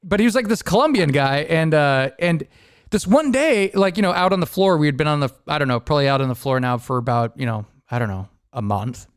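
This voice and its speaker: A man's voice: a little high, a little fast, smooth, no room sound, clean studio sound. A man hosting a podcast, telling stories in casual chat, laughing often and acting out the people in them. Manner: laughing often, animated storytelling with impressions. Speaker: podcast host.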